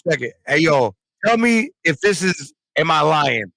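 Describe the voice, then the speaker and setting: Gravelly, bright-voiced man telling a story. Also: on the high side, measured pace, no echo. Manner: animated storyteller, slangy. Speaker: podcast co-host. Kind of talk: casual chat.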